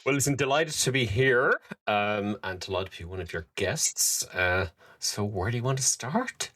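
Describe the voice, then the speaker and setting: A man in his fifties with a Dublin Irish accent, a podcast guest in casual interview chat who tells lively, self-deprecating stories full of fillers and restarts. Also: on the low side, moderate pace. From Ireland.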